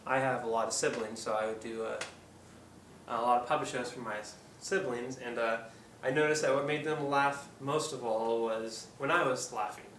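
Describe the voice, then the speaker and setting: An Oregon puppeteer who hosts his own channel offers casual how-to tips, rambling and hesitant with plenty of ums. His mid-range voice is a bit bright, with fairly even intonation and a moderate pace. The mic sits far from him in an echoey room, and a faint hum runs underneath.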